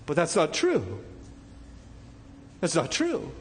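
A man's voice: fairly high pitch, wildly swooping pitch, slow pace, long reverb tail, a little hiss or hum. A man preaching a sermon, asking his listeners rhetorical questions. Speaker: pastor.

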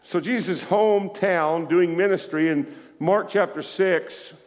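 A man preaching a sermon in a lively way, calling out to his congregation as he reads and explains scripture. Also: sits high, measured pace. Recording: echoey hall with long reverb.

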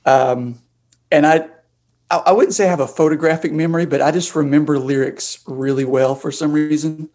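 A man in a casual podcast chat, talking quickly and laughing easily. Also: fairly high pitch, fairly even intonation, a little mellow.

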